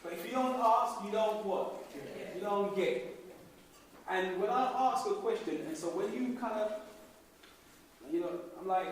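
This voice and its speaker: High-voiced man teaching an echoey classroom. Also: normal speed, slight background noise. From Caribbean. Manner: energetic, questioning, repeats pupils' answers. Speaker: teacher leading a class discussion. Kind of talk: classroom discussion with pupils. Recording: echoey room from far off.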